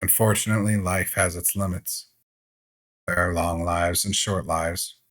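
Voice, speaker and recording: Like a gaming host narrating for viewers, a man reads a game's story text aloud in a slow, measured delivery. His voice is lowish, a bit bright, with a steady tone.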